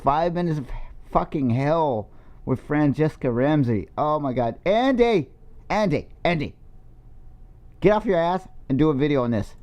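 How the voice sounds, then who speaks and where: A man's voice: a little high, animated, normal speed, darkish tone. A man heckling a video with crude, sarcastic, profane commentary. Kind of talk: profane mocking commentary over a clip. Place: lives in South Carolina.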